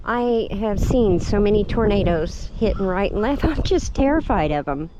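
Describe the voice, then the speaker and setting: A middle-aged woman with a drawl chats to her vlog audience, laughing often and letting her emotions show. Her voice sits in a middle pitch. The recording is dull and lo-fi, with a faint hiss behind her. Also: expressive, moderate pace. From Oklahoma. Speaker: homestead vlogger. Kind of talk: casual storytelling vlog. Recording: dull lo-fi with faint background noise.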